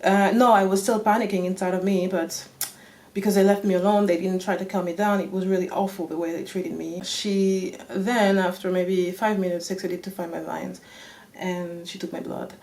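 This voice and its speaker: A woman with a French accent, a native French speaker, telling a story on her vlog in an animated way and swearing often. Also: fairly low pitch, normal speed. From France. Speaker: vlogger.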